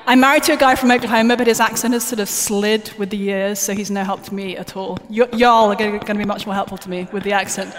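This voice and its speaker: A woman's voice: medium pitch, steady tone, fast, hardly any pauses. A woman giving a plenary talk at a conference, chatty, jokey and self-deprecating. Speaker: conference speaker. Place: large conference hall. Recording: roomy hall reverb from a stage mic.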